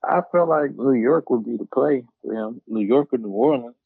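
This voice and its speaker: A man co-hosting a casual sports chat, excitable and slangy. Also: medium pitch, normal speed, creaky. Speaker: podcast co-host. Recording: dull, dry, lo-fi mic.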